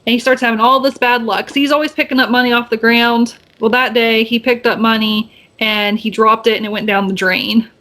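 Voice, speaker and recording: A woman co-hosts a podcast and recaps a movie in loose, rambling chat. Her voice sits a little high, and she keeps stacking up fillers and restarts. When she quotes the characters, her pitch jumps up to act out their lines. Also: fairly even intonation, brisk, bright, forceful tone. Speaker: podcast co-host.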